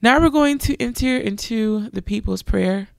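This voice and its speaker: Earnest preaching woman, gravelly, dry. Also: fairly high pitch, moderate pace, no echo. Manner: earnest testimony, animated quoting of others. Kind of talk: sermon.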